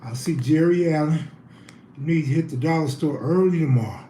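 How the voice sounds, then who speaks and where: A man's voice: on the high side, brisk, dark tone. A man hosting a casual live stream, out of breath, joking and reading viewer comments in loose slang. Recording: roomy echo, faint background hum.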